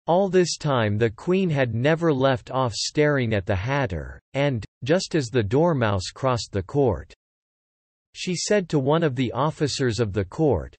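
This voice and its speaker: A man reads a storybook aloud in an expressive way, his pitch rising and falling a lot. His voice sits at mid pitch and sounds dry and close to the mic. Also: no room sound. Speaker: narrator.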